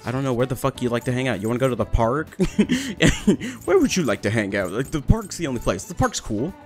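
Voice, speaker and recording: A man's voice: medium pitch, very animated, fairly quick, faint music behind. A young man giving casual, joking commentary while playing a video game, laughing often and swearing freely. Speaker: let's play gamer.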